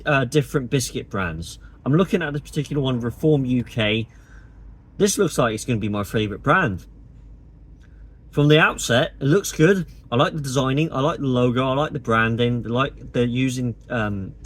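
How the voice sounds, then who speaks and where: A man vlogs his opinions straight to camera, sarcastic and exasperated. His voice is husky and breathy at a medium pitch. He sounds indignant and mocking as he pushes each point. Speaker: political vlogger.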